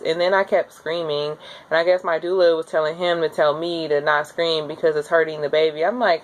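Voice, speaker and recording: A young woman casually telling her own story to the camera, chatty and candid, with lots of fillers and lively acted-out quotes. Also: a little fast. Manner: acts out quoted voices with high jumps. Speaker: new mother telling her birth story.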